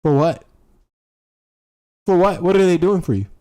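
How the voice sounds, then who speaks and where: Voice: medium pitch, expressive, a little slow, warm tone. A political commentator doing livestream commentary on clips, talking heatedly in casual slang, repeating rhetorical questions and swearing.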